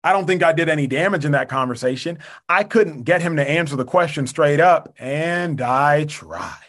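A young man guest on a podcast, making his case in a measured, earnest way with precise wording. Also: a little high, a bit bright. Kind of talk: casual debate.

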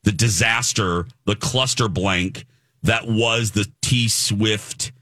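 A man hosting a radio show in casual chat, teasing his co-hosts in an animated way. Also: fairly low pitch, takes it slowly, no echo.

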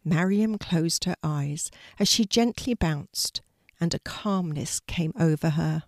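An older woman reading a children's story aloud in a calm, clear way. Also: sits low, slow pace, no echo, studio quality.

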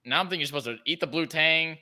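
A young man co-hosting a podcast, cracking deadpan jokes and playing dumb in casual chat. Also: on the high side, rapid-fire. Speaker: podcast co-host.

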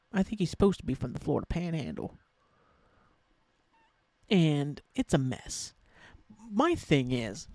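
A fairly high-voiced man talking straight into a close mic in a dry, deadened space. He hosts his podcast alone, rambling and correcting himself mid-thought, full of excitement. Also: no room sound. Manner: rambling, enthusiastic, self-correcting. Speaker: podcast host. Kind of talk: casual solo podcast chat.

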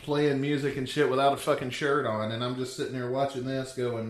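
A man's voice: medium pitch, flat delivery, a little fast, hardly any pauses. Profane joking man in an echoey room. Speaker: podcast co-host. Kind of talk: casual chat.

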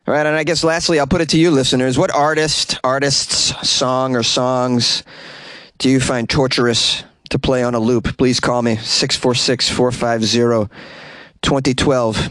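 A man's voice: medium pitch, fairly bright tone, no echo. A man hosting a solo comedy news podcast, rambling, stumbling over foreign names and chuckling at his own jokes, recorded in a closet.

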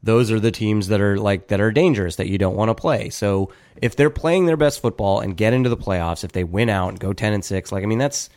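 A man's voice: lowish voice, fairly quick, hardly any pauses, a little mellow. A drunk man co-hosting a podcast, rambling in casual sports chat with lots of fillers. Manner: rambling, hedges with lots of likes and I means. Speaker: podcast co-host.

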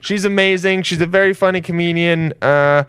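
A man's voice: high-pitched, steady tone, moderate pace, a bit bright, clean tone, no echo. A man hosting a podcast in casual chat, rambling loosely and swearing freely. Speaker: podcast host.

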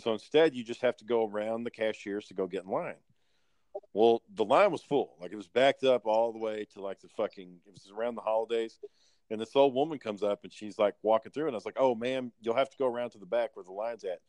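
A man's voice: on the low side, a little fast, no echo. Profane man telling stories. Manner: animated, profane, acts out the people in his stories. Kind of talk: casual storytelling chat.

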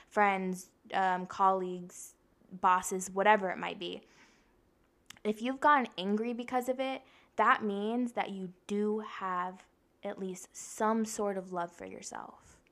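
A woman's voice: medium pitch, creaky. Blunt, profane young woman podcast host. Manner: blunt, profane and animated, acting out quoted voices. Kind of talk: casual self-help podcast talk.

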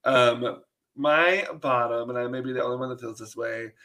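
Male co-host, bright tone, easygoing moderator, soft trailing endings. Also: mid-range voice, fairly even intonation, moderate pace. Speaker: podcast co-host. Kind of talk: casual chat.

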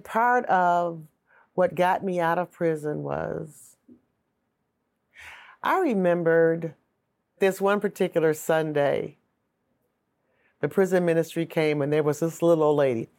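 A woman's voice: low voice, a little slow, pauses often, a little mellow. A middle-aged woman giving earnest, emotional personal testimony in an interview.

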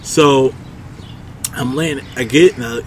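A man telling a rambling, profane story in a casual chat, acting out quotes in a loud, high voice. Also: slow, a little hiss or hum. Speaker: podcast co-host telling a story.

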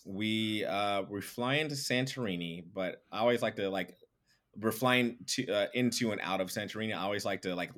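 A man speaking as a podcast guest in casual chat, animated, with lots of fillers and some swearing. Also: low voice.

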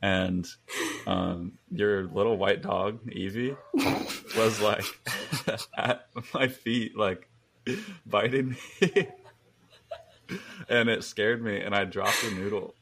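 A young man in his twenties with a low, gravelly voice that rumbles with vocal fry. He tells rambling stories in a relaxed chat, chuckling through them. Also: slow, long pauses. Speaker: podcast guest. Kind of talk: casual storytelling chat.

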